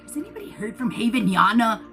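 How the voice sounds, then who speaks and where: A woman's voice: on the high side, very animated, quick pace, vocal fry, sharp tone. A tired woman hosting a tarot livestream, chatting casually, rambling, repeating herself and swearing freely. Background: background music.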